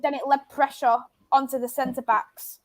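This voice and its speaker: High-voiced woman co-hosting a stream. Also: flat delivery, normal speed. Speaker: co-host reading viewer comments. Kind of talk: casual live-stream chat.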